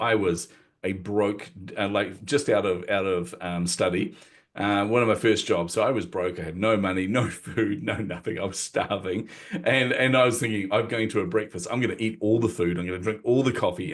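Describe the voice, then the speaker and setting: Middle-aged guy on a podcast, deep low voice, animated storytelling, laughs at himself. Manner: animated, acts out quotes, self-deprecating laughs. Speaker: podcast guest. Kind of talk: storytelling in conversation.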